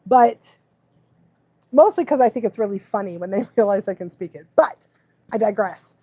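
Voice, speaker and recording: A woman's voice: mid-range voice, animated, normal speed, warm tone, breathy edge, no echo. A woman dog trainer hosting a live stream, rambling and laughing often as she goes off on tangents. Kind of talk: casual live stream chat.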